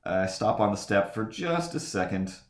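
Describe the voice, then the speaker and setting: This time the storyteller's fairly low voice moves at normal speed, expressive and echoing around the room. He's on a live drawing stream, meandering through a casual anecdote, restarting often, saying "like" a lot, and voicing the characters he describes.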